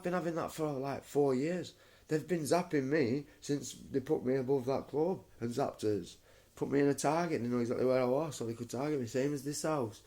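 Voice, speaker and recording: A man's voice: medium pitch, a little mellow. A young man, feverish and shivering, rambling at home in a repetitive way and calling the listener mate. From United Kingdom. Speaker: vlogger. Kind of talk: rambling home video monologue. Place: his home.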